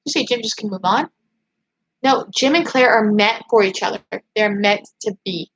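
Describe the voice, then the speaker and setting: A young woman hosting a casual livestream, chatting in an excited, emphatic way as she reads viewer comments. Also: mid-range voice, normal speed, husky, poor audio. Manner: excited, emphatic, gushing fan talk. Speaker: livestream host.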